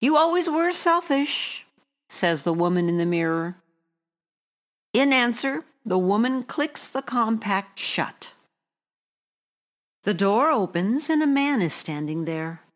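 A woman reading a short story aloud in a measured, hushed way. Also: medium pitch, lively intonation.

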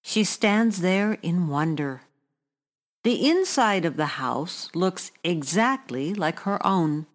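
A woman reading a short story aloud in a measured, hushed way. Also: lowish voice, expressive.

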